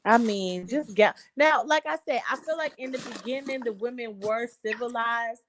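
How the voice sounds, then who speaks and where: A woman chats casually, emphatic and agreeing. Her pitch is a little high. A faint hiss sits under her voice. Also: moderate pace. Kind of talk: casual chat.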